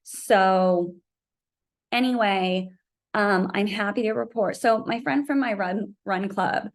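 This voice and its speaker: A woman vlogging casually about her running, chatty and storytelling, acting out conversations. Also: slow. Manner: chatty storytelling, acts out conversations with raised pitch. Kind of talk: casual vlog chat.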